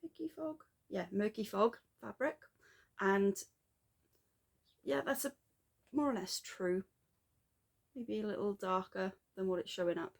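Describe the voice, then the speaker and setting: A woman chatting casually in a craft vlog, rambling and self-deprecating with quick asides. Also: mid-range voice, fairly even intonation, vocal fry. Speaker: flosstube vlogger. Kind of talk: casual chat.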